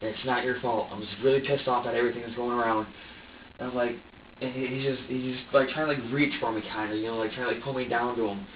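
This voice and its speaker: A man being questioned by police, talking haltingly with many restarts and acting out his own past words. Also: medium pitch, steady tone, slight background noise. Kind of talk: police interrogation. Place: interrogation room. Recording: distant echoey phone-like archive audio.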